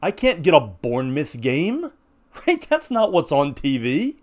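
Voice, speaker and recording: An American podcast host in his forties delivers an opinionated monologue, arguing passionately and rhetorically and restarting often. His voice is on the high side, with huge pitch swings and an unhurried pace.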